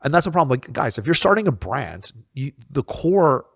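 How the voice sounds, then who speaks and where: A man's voice: fairly high pitch, very animated, normal speed, no room sound, clean studio sound. A man in casual chat, blunt and swearing, with many restarts and repeated words. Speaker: podcast co-host.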